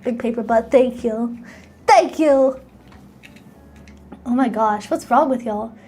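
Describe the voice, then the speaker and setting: A woman with a high, light voice chats playfully with her live audience. She rambles in a bubbly way, thanks viewers by name and hypes them up. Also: takes it slowly, mellow. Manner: bubbly, playful, reads and thanks chat, sometimes squeals. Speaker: streamer. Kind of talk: casual live-stream chat.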